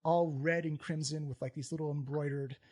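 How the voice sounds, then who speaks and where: A man's voice: a little high, steady tone, brisk, a little mellow. A man narrating a tabletop game as game master, describing scenes in a loose, conversational way.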